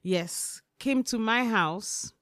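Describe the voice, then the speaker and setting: Animated woman telling a rant. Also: a little high, extremely slow, no room sound, studio quality. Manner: expressive, swears, acts out dialogue. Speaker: podcast co-host.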